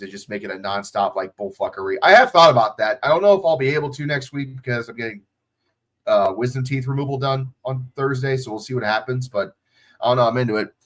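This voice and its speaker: A man hosting a livestream, chatting casually and swearing freely, recorded on a phone. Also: medium pitch. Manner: profane, off-the-cuff, chatty. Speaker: livestream host.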